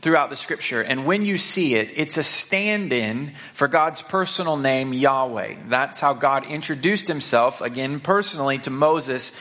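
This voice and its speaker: A pastor from the Saint Louis area giving a Sunday sermon in a relaxed, conversational voice. He trips over a word now and then and repeats it. His voice sits at a middle pitch for a man. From Saint Louis area, Missouri. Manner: conversational, with fillers and repeated words; reads scripture aloud, slowing for emphasis.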